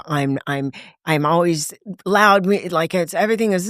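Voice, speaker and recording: Animated woman telling her recovery story. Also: on the low side, a little slow, no echo, studio quality. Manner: animated, acts out quoted voices, laughs often. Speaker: podcast guest in recovery. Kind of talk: candid conversational storytelling.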